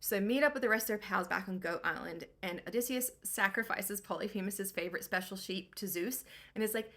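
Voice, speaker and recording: A woman's voice: mid-range voice, a little fast, a bit bright. A young woman giving a comedic book recap in a breezy, slangy, irreverent way.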